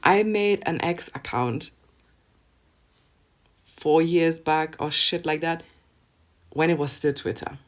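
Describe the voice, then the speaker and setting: Woman ranting on her vlog, sarcastic, swears a lot, laughs between points, lowish voice. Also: lively intonation, slow pace, long pauses. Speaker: vlogger. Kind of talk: casual ranting commentary to camera.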